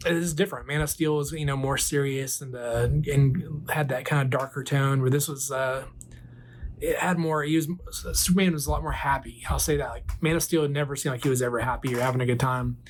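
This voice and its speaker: A man in his forties, a toy collector, casually retelling a movie in a rambling way full of fillers and quick character voices. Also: medium pitch, fairly even intonation, slight background noise. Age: 40s.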